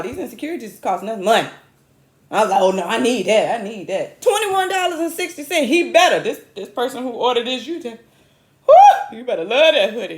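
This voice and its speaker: Animated woman comic, roomy echo. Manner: animated, chatty, self-mocking with sudden high squeals. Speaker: comedian host. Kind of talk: comic storytelling monologue.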